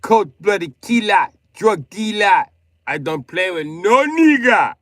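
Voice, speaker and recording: A man voicing a boastful tough-guy rapper with a put-on accent, shouting rap boasts. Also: very high-pitched, slow, no echo, studio quality, voice pushed up, exaggerated voice. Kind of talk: freestyle rap bit on a live stream.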